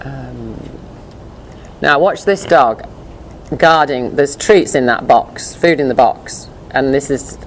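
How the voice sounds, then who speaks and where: A woman teaching a dog behavior class in a chatty, animated way, often acting out voices. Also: very deep voice, a little hiss or hum. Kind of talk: informal lecture with slides.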